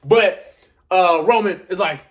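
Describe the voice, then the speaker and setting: A man giving a casual, animated reaction recap of a wrestling event, full of fillers and excited asides. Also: high-pitched, slow pace.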